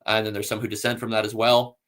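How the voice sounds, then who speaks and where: A man's voice: fairly low pitch, little pitch movement, quick pace, fairly bright tone. A man hosting a casual scholarly discussion, explaining patiently and reading citations aloud with frequent fillers. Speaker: host.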